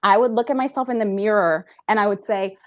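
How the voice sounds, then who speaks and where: A woman's voice: medium pitch, brisk, dry recording, clean studio sound. A woman who works as a personal trainer, talking earnestly in a casual interview, often laughing and acting out what people said. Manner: earnest, laughing, acts out quoted voices. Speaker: personal trainer, podcast guest.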